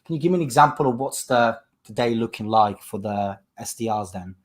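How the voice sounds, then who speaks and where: A man with an Italian accent, a sales trainer making live cold calls on a headset, upbeat and quick to laugh while he moves about. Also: lowish voice. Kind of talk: live cold call, chatty and playful.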